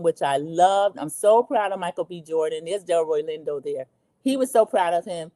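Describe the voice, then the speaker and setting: A woman's voice: mid-range voice, lively intonation, moderate pace, dark tone. A middle-aged American woman hosting a livestream, chatting casually and bluntly about her opinions while reading viewer comments. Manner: blunt, opinionated, candid storytelling. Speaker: livestream host.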